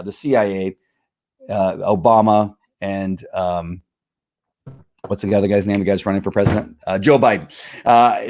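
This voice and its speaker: A man hosting a live opinion stream, talking in a fired-up, rambling way, often restarting his sentences and answering comments from viewers. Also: fairly low pitch. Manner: fired-up, talks back to critics, many restarts. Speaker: livestream host. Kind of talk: casual opinion livestream.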